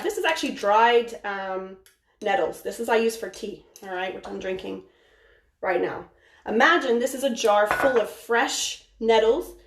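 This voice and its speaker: A woman with a fairly high voice chats excitably through a live cooking stream, rambling and restarting her sentences as she goes. She sounds a little distant from the mic, in an echoey home kitchen with a faint hiss underneath.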